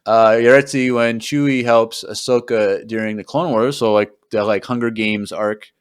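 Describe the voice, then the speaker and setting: A man's voice: steady tone, moderate pace, smooth. A young man co-hosting a podcast, chatting casually and rambling, acting out film quotes. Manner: rambling, acts out quotes with a jump in pitch. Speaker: podcast co-host. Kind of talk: casual chat.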